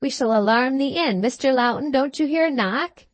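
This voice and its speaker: A genial, fussy middle-aged lawyer, as a woman reader puts him on, brisk and a little pitched up. The voice is close and dry, like a storybook reading. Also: dry recording, natural voice.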